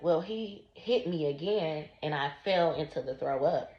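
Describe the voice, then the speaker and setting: A woman telling a personal story slowly and deliberately to her vlog audience. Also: sits low. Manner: slow, deliberate recounting. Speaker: vlogger. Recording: roomy, dull lo-fi sound.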